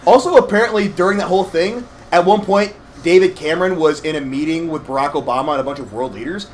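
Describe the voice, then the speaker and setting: A young man co-hosting a game playthrough, rambling through animated stories with lots of fillers. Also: a little high, fast, slight background noise. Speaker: let's play co-host. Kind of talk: casual gaming chat.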